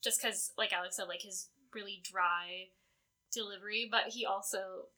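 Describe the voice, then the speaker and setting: A woman's voice: mid-range voice, steady tone, moderate pace, pushed and bright. A woman hosting a podcast, chatting casually and filling her talk with "like". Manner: chatty, many "like" fillers. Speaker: podcast host presenting fan awards. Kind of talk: casual chat.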